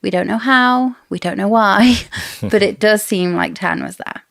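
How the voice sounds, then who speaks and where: A woman's voice: mid-range voice, measured pace, vocal fry, fairly bright tone, dry recording, studio quality. A woman co-hosting a casual book discussion podcast, chatty and theorizing with frequent laughs. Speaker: podcast co-host.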